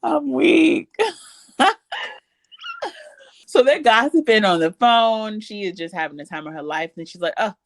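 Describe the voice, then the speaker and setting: A woman's voice: mid-range voice, unhurried, long pauses, dry recording. A woman co-hosting a podcast, recapping a reality show in casual chat and acting out what the cast members say. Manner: animated, acts out cast members' lines. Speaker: podcast co-host.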